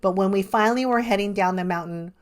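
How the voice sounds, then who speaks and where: A middle-aged woman life coach speaks as a podcast guest. Her voice is mid-pitched and she tells stories earnestly, often breaking into laughter. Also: fast talker. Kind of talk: podcast interview.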